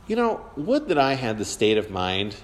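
A man's voice: medium pitch, wildly swooping pitch, moderate pace, background noise. A man leading an informal Bible class, chatty and rambling with lots of fillers. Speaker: church teacher. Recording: reverberant hall.

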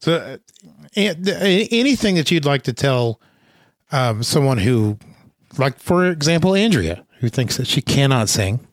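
A hoarse man hosting a casual chat who tells stories and restarts his sentences often. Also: mid-range voice, very animated, a little slow, no room sound, studio quality. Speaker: podcast host.

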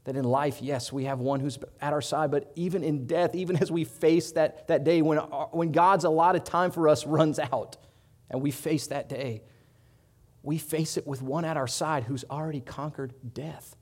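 A man preaching a sermon in an earnest way, rising loud on his appeals and dropping soft on quiet lines. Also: a little high, fairly even intonation, normal speed. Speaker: pastor.

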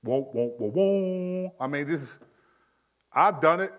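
A man in his thirties preaching a sermon in a conversational style, acting out quick quotes. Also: medium pitch, lively intonation, a bit bright. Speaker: pastor.

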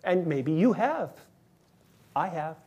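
Male pastor, slightly high voice, relaxed conversational sermon delivery with emphatic repetition. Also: slow, breathy edge, lo-fi sound. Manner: conversational, emphatic preaching with repeated words.

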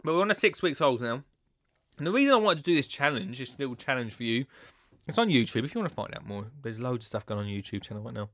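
A man hosting a podcast in a rambling, chatty way, swinging between loud bursts and hushed asides. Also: medium pitch, expressive, normal speed, long pauses, no room sound. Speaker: podcast host. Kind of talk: casual chat.

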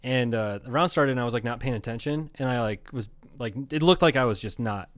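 A man's voice: medium pitch, brisk, no room sound. A man co-hosting a comedy podcast, chatting casually and rambling, swearing freely. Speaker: podcast co-host. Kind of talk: casual chat.

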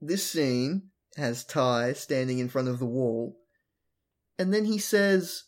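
A woman's voice: extremely low pitch, animated, slow pace. A young adult woman hosting a podcast, recapping an episode bluntly with swearing and mockery. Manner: blunt, swears, mocking, does funny voices. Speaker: podcast host.

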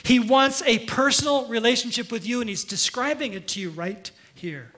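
Bright, high-voiced preacher. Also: male voice, normal speed. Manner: earnest, emphatic, leads the congregation in call-and-response. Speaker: pastor. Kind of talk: sermon.

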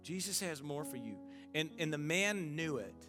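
A man's voice: fairly high pitch, expressive, moderate pace. A man preaching a sermon in a conversational way, calling on the congregation to repeat words back to him. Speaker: pastor. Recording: long hall reverb with faint music.

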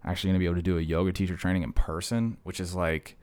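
A man with a low, deep voice talks straight to his viewers in a loose, wandering vlog. He jokes his way from one tangent to the next, like he's chatting with a friend. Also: little pitch movement, very fast, a little mellow, clean tone. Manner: joking, digressive storytelling. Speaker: vlogger. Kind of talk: casual rambling monologue.

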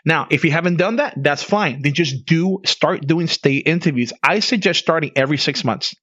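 A man's voice: a little high, moderate pace, a bit bright, husky, dry recording, dull audio. A man co-hosting a casual conversation podcast, talking emphatically and laughing often. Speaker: podcast co-host.

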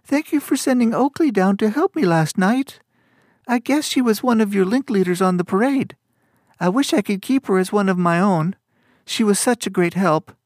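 A man's voice: sits high, lively intonation, normal speed, no echo, studio quality, pitched above the performer's own voice. A man putting on a flustered young woman leader.

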